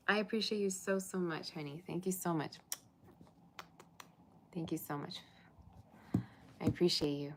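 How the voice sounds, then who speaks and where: A woman's voice: lowish voice, a little slow, vocal fry, pauses often, background noise. Chatty woman giving a tarot reading. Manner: chatty, reassuring, answers viewer comments. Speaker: tarot reader. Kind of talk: live tarot reading and chat. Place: borrowed room, indoors.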